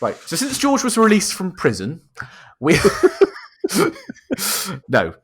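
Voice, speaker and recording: His voice sits on the high side with huge pitch swings and a slow pace, with a little hiss or hum in the recording. The young man co-hosts a casual video-call podcast, bantering, joking around, and laughing a lot.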